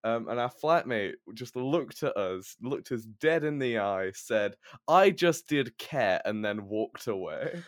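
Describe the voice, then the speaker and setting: A young man co-hosting a podcast, telling a story in a rambling, halting way with lots of ums and restarts. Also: fairly low pitch, expressive, dry recording, clean studio sound. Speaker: podcast co-host.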